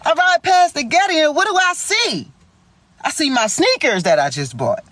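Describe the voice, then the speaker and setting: A young woman telling a story in a vlog, animated, slangy and full of swearing. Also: high-pitched, normal speed, no echo.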